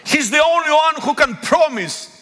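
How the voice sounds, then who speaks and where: A man whose first language is Greek, preaching a sermon in a church, pleading and rising to loud calls. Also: very high-pitched, expressive, moderate pace. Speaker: pastor. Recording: long echo of a big hall.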